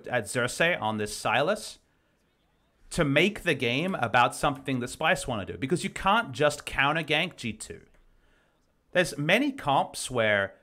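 An esports analyst with a medium-pitched, sharp-toned voice breaks down a recorded match, explaining the plays in detail for a game review. He is losing his voice.

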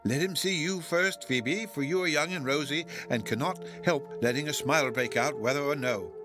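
A man voicing a trembling old gentlewoman. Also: a little high, moderate pace, music in the background, close to an everyday voice. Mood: urgent hushed. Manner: trembling, urgent, hushed pleading. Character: agitated, tearful old gentlewoman.

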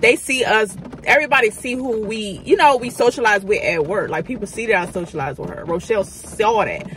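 A woman in her thirties spills a candid storytime, talking loosely and with plenty of swearing. Her voice sits at an ordinary middle pitch, recorded on a phone camera with faint traffic passing behind. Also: brisk, a bit bright. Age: 30s. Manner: candid, profane, chatty slang storytelling. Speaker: vlogger. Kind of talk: casual storytime.

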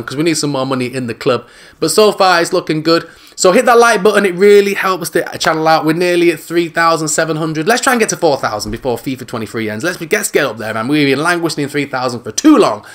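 A man with a fairly high voice talks casually over his football video game. He is jokey and excitable, and he yells when a chance or a goal comes along. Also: fast. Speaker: gaming YouTuber. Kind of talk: casual gameplay commentary.

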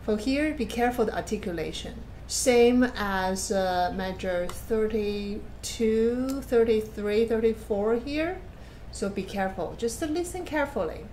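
A woman's voice: on the high side, lively intonation, a little slow, darkish tone, a little hiss or hum. A woman giving patient masterclass feedback as a piano teacher, explaining plainly and counting or humming passages aloud. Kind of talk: masterclass feedback on a recorded performance. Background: piano playing.

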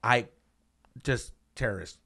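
A man co-hosting a comedy podcast, talking in a casual, profane, animated way with mock voices. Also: mid-range voice, slow pace, vocal fry. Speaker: podcast co-host.

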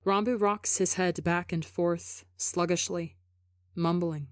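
Slow, low-voiced woman reading a story. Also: fairly even intonation, no echo, studio quality. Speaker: podcast reader. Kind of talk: fan fiction audiobook narration.

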